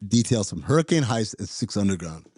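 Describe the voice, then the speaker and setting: A man co-hosting a podcast in casual chat, excitable and prone to repeating himself. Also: lowish voice, brisk, breathy edge, no echo, studio quality. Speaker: podcast co-host.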